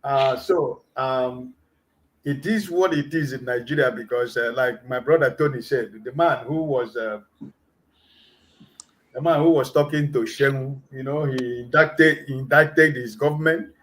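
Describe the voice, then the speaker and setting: A man on an online panel discussion, explaining calmly with frequent filler sounds. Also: medium pitch, unhurried, rough recording.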